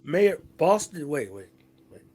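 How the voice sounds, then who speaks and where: A man hosts a casual talk show and keeps cutting in with playful jokes. His voice runs high and swings widely in pitch. He speaks in a slow, drawn-out way. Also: sing-song, a little mellow, breathy edge. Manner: joking, playful interjections. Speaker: podcast host. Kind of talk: casual chat.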